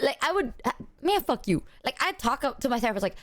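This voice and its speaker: A woman livestreamer chatting casually to her viewers, her voice sitting a little higher than most. She tells stories with plenty of animation, playing out both sides of each exchange. She swears freely as she goes. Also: quick pace, few pauses. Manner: animated storytelling, acting out both sides of a conversation. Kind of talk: casual chat.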